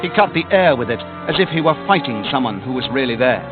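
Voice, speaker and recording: A man narrating a storybook on cassette, dramatic, sinking to a hush at the quiet moments. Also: mid-range voice, expressive, quick pace. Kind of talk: cassette audiobook reading. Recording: tinny lo-fi cassette with music.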